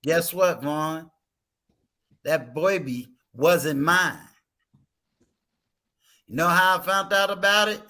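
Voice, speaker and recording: A man's voice: on the high side, slow pace, pauses often, pushed and bright. A man hosting a casual talk stream, telling a personal story with emphatic rhetorical questions. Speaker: host.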